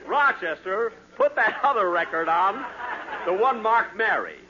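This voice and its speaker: A man's voice: high voice, animated, a little slow. A man hosting a radio comedy, playing exasperated and defensive in a 1940s radio acting style. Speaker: comedy show host. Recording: hissy lo-fi 1940s radio broadcast.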